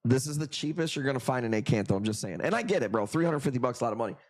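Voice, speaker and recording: A man's voice: medium pitch, expressive, rapid-fire. A man hosting a live coral auction stream, chatting casually with viewers in profane, joking, rambling banter. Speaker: livestream coral auction host. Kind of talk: casual live sales chat.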